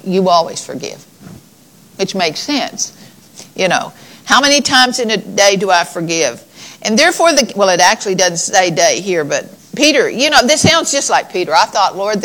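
A woman's voice: mid-range voice, fairly bright tone, rough recording. A woman preaching a sermon in a conversational, folksy way, reading scripture aloud and addressing her congregation.

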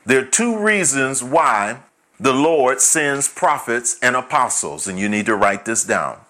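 A male pastor delivers a teaching sermon at an unhurried pace. His voice is bright and forward, and he reads scripture aloud. He lays out numbered points and repeats each one so listeners can take notes. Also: medium pitch, very animated. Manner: repeats key points for note-taking.

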